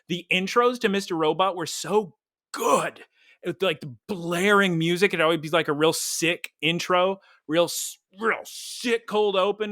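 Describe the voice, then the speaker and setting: A young man co-hosts a podcast, chatting casually and rambling through stories with frequent laughter. His voice sits high with a sharp tone, recorded in a clean studio with no echo.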